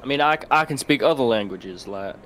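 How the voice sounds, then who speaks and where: A man's voice: mid-range voice, lively intonation, a little fast, a bit bright, a little hiss or hum, lightly acted. A man voicing a boastful, stubborn male barbarian who jokes and insists he is right, in a tabletop game. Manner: playful, insistent, joking.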